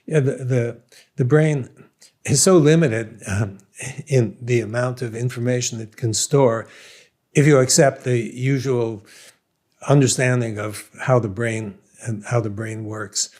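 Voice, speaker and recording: An older man with a Brooklyn accent speaks at a middle pitch as an interview guest. He talks through his ideas thoughtfully, with restarts and a self-deprecating touch. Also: steady tone, a little slow, darkish tone. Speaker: scientist guest. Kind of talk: conversational interview.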